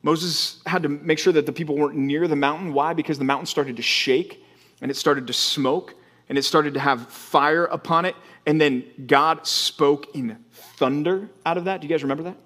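A man's voice: fairly high pitch, fairly even intonation, normal speed, a bit bright. A male pastor preaching a sermon in a conversational, emphatic way, often repeating words as he builds a point.

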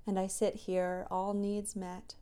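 A tired, tearful woman speaking in a soft, halting way in a reflective personal voice diary, sometimes dropping into a whisper, then chatting with lots of fillers. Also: mid-range voice, flat delivery, clean tone. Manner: chatty storytelling with many fillers. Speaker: creator sharing a personal diary recording.

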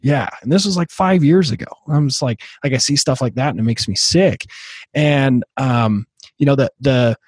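A man in his early thirties with a slightly husky voice tells his story as a podcast guest. He speaks in a halting way, with many fillers and restarts. The sound is dry and close. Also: medium pitch, dry recording. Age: 30s. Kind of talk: casual interview storytelling.

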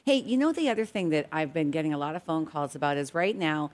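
A woman's voice: animated, fast. A middle-aged woman from Canada, chatting as a guest with upbeat, persuasive energy. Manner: upbeat, sales-pitch energy. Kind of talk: casual chat.

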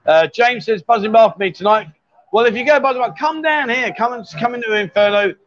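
A livestream host with an extremely high voice jokes around with his guests at a brisk clip while broadcasting casually from a bar. The lo-fi stream sounds dull, with slight background noise.

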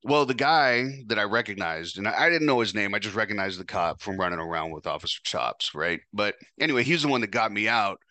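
A man's voice: fairly low pitch, lively intonation, a little fast, hardly any pauses, bright, forceful tone, no echo. A man hosting a podcast, telling a first-person story in a casual, profane, wry way. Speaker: podcast host.

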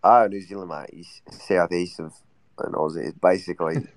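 A man's voice: steady tone, moderate pace, dry recording. Guy hosting a chill group call, teasing everyone, dry close sound, does whiny impressions. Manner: teasing, mimics others in a high whiny voice. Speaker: host. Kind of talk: casual chat.

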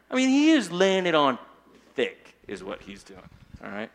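A male pastor giving an animated, conversational sermon, often tagging his points with "okay?". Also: high-pitched, normal speed, pauses often.

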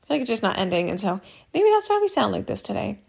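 A woman in her thirties hosting a solo business podcast, chatty and candid, her voice a little hoarse from allergies. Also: mid-range voice, very animated, quick pace. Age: 30s. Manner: candid, chatty, many likes and ums. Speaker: podcast host.

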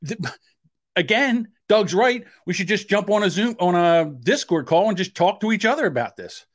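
A podcast co-host with a South Jersey accent talks in a casual, argumentative way, with lively intonation. He turns defensive and heated quickly, his pitch climbing when he presses a point, and he admits to a short temper. The sound is dry and close, with no room sound at all.

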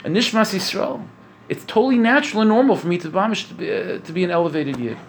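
A man's voice: a little high, fast, a little hiss or hum, lightly acted. Food-loving young scholar, voiced by a man, mutters to himself, everyday voice. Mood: uplifted. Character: devout young married scholar who loves food.

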